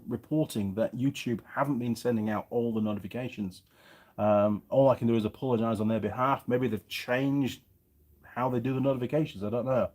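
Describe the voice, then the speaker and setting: Speaking at medium pitch with a darkish tone, a middle-aged English man reads viewer comments aloud during a casual livestream. He hosts a YouTube mechanic channel and has a Yorkshire accent that has partly faded.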